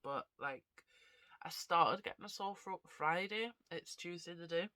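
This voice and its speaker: Vlogger all stuffed up from a cold, chatty and rambly, bright dry voice. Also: medium pitch, measured pace, no room sound. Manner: rambling, chatty, self-deprecating. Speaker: vlogger and actor. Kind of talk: casual chat to camera.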